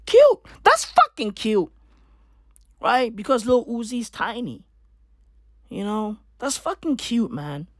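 A woman's voice: a little high, animated, takes it slowly, pauses often, no echo, studio quality. A woman delivering a comedic news rant in a profane, slangy, rambling way that keeps circling back to the same tags. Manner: repeats filler tags.

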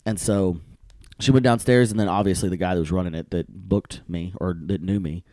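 A man's voice: sits low, fairly even intonation, brisk, dark tone, no echo. A young man, a comedian co-hosting a podcast, telling a rambling, crude story in casual banter.

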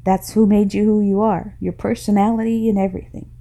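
A woman's voice: medium pitch, little pitch movement, a little fast, vocal fry, mellow. A middle-aged woman talks through her own podcast in a loose, rambling, folksy monologue. She speaks with passion and laughs now and then. She is slightly short of breath. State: a little out of breath. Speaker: podcast host. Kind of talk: casual personal podcast monologue.

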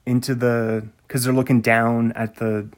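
A man's voice: medium pitch, flat delivery, a little slow. A man hosting a podcast in casual chat, rambling and musing aloud, often trailing off mid-sentence. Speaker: podcast host.

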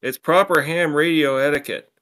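A man's voice: a little high, fairly even intonation, moderate pace, a bit bright, pitched above the performer's own voice, lightly acted. A man voicing a young male radio-ham friend who is chipper and fussy about radio etiquette, in a story he reads aloud.

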